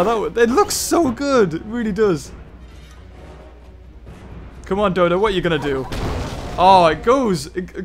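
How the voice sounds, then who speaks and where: A man giving excited play-by-play commentary on a mobile game battle. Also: high-pitched. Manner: enthusiastic, play-by-play like a sportscaster. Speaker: gaming YouTuber.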